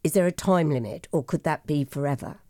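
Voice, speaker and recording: Woman host, low mellow voice, rambling and emotional, dry close sound. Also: a little fast, no echo. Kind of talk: casual chat.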